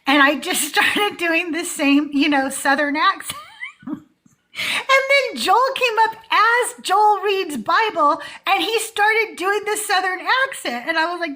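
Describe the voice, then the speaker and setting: A woman's voice: very high-pitched, a little slow, pushed and bright. A woman in her forties hosting a live call-in show, chatting casually and laughing often between many fillers. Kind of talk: casual livestream chat.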